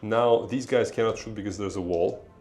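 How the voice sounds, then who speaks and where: A man's voice: fairly low pitch, moderate pace, darkish tone, soft background music. A man with a Russian accent calling a tabletop battle casually, laughing often and correcting his own counts. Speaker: tabletop game player. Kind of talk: casual battle report play-by-play.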